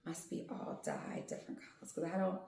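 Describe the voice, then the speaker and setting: This woman's low voice swoops wildly in pitch, and she speaks briskly with a warm tone. She's a crafting vlogger doing a casual unboxing at home, gushing over each skein of yarn, and the room is very echoey.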